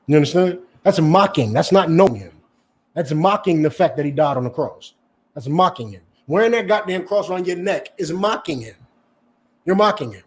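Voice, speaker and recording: A man preaches a confrontational sermon in a husky, slightly high voice. He lectures bluntly and swears freely, and he keeps asking his listeners whether they understand. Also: expressive, normal speed. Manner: lecturing, profane, asks "You understand?" constantly. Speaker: preacher and teacher. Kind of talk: confrontational street-style sermon.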